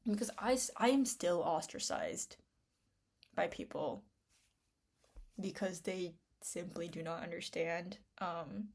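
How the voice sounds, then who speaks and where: Rambling young woman with a gravelly voice. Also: on the low side, slow, long pauses, a little mellow. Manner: rambling, self-interrupting, many fillers. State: tearful after crying. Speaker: vlogger. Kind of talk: unedited rambling vlog.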